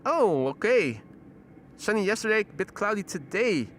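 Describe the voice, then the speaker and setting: Male host, high voice, chatty outdoor live commentary. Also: big pitch swings, moderate pace, a bit bright, a little hiss or hum. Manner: chatty, greets viewers, frequent fillers. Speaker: live stream host, plane spotter. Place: outdoors near airport runway.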